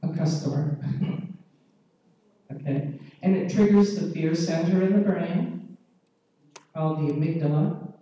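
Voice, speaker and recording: Woman lecturing slowly, deep mellow tone, measured and explanatory, echoey hall, distant mic. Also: slight background noise. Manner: measured, explanatory, frequent checks with the audience. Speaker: pediatrician giving a conference lecture. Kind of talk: conference lecture.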